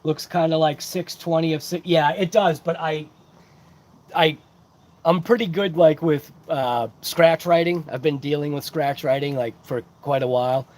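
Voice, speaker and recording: A man's voice: fairly high pitch, fairly even intonation, normal speed, darkish tone. A man hosting a casual livestream who rambles along and greets chat viewers by name. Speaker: host of a hobby livestream. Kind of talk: casual live-chat unboxing.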